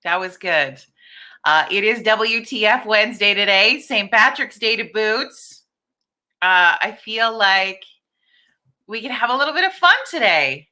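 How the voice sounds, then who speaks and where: A woman's voice: medium pitch, expressive, a little slow, pushed and bright. A middle-aged woman hosting a casual live-stream chat, talking candidly, swearing freely and greeting viewers by name. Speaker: livestream host.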